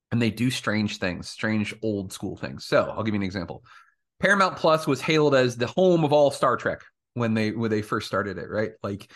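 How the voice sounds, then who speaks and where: A man co-hosting a casual podcast, explaining things in a relaxed way with fillers. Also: lowish voice. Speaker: podcast co-host. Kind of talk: casual chat.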